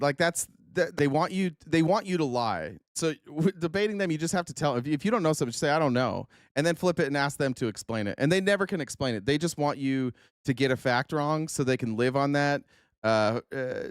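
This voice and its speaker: A man's voice: medium pitch, clean tone, no room sound, studio quality. A man hosting a podcast, taking callers in casual chat with loose, profane jokes and frequent laughter.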